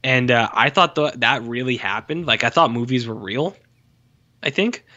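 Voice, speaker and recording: A chatty man co-hosting a podcast, rambling through a film review with lots of fillers and quick acted-out bits. His voice is bright and a little forceful. The audio sounds slightly dull and lo-fi. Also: mid-range voice. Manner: rambling, laughing, acts out scenes in voices. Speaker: podcast co-host. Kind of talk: casual film review chat.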